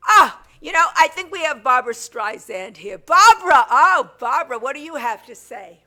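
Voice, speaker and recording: A woman's voice: sits high, expressive, normal speed, pushed and bright. A woman impersonating a brash, gossipy older female talk-show host who fires off teasing insult jokes. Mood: brassy. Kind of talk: stage impression comedy.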